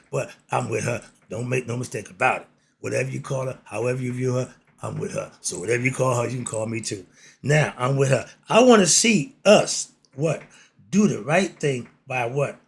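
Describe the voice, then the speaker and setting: With a gravelly, slightly rough mid-range voice, an American man hosts a commentary channel's casual political monologue. He stays blunt and streetwise, asking himself "why?" and then supplying the answer.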